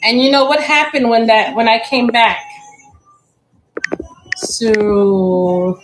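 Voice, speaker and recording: A woman's voice: on the high side, moderate pace, over music, poor audio. A middle-aged woman hosting a casual live plant sale. She chats, giggles often and stumbles over plant names, sometimes spelling them out. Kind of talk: casual live-auction chat.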